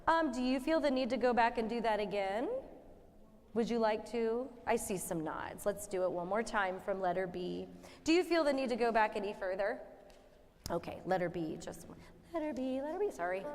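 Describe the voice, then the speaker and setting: A woman's voice: mid-range voice, expressive, fairly quick. A woman choir director counting in and giving friendly directions to her singers during rehearsal. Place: rehearsal hall. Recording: long hall reverb.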